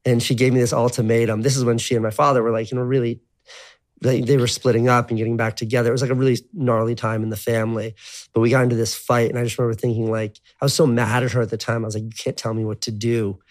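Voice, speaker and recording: In this casual storytelling clip, a man in his thirties, appearing as an interview guest, tells his life story at a racing pace. His medium-pitched voice stays flat as he rambles and swears, using "like" constantly as filler.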